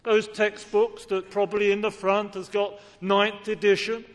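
A man's voice: high-pitched, little pitch movement, measured pace. A man preaching a sermon in an earnest, pleading way, pressing his listeners with questions. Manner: earnest, pleading, rising to emphatic appeals. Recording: long reverb of a large hall.

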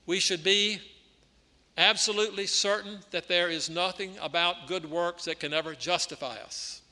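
A man preaching a sermon in a deliberate, emphatic teaching manner, often clearing his throat and restarting phrases. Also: high-pitched, sharp tone. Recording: long reverb of a large hall.

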